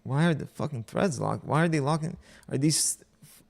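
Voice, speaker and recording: A man's voice: fairly high pitch, expressive, moderate pace, vocal fry. A man streaming himself reading online posts aloud and reacting with profane, exasperated commentary.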